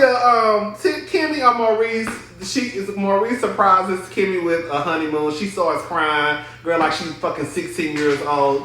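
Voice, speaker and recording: A man's voice: sits high, lively intonation, moderate pace, few pauses, pushed and bright, slight background noise. A man giving a sassy, gossipy, profane commentary on a reality show in a casual vlog. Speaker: reality TV reviewer. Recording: very echoey room.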